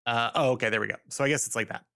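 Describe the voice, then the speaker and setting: A man's voice: medium pitch, steady tone, rapid-fire, vocal fry, sharp tone. A man streaming from home, casually chatting and repeating silly test phrases while adjusting his mic settings. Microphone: studio desk mic. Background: music playing.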